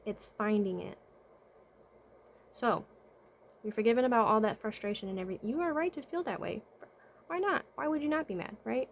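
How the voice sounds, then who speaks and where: A woman with a slightly raised voice speaks straight to her viewers in a relaxed advice monologue. She fills pauses with soft "mm-hmm" hums and keeps asking questions. A faint noise sits under her speech. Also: a little high, gravelly. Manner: asks many rhetorical questions and checks in with listeners; hums "mm-hmm" often while thinking aloud. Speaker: vlogger and spiritual consultant. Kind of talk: casual advice monologue to camera.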